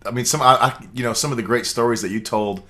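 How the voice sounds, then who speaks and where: Bright-voiced American man, laughing host. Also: mid-range voice, quick pace. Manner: laughs a lot, playful. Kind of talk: casual chat.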